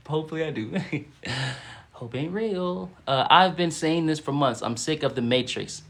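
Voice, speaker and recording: A man's voice: on the high side, unhurried, creaky, a bit bright, slight background noise. A man leading a livestream of spiritual affirmations and guided breathing, emphatic and casual, with lots of call-and-response and repeated phrases. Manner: casual slangy speech.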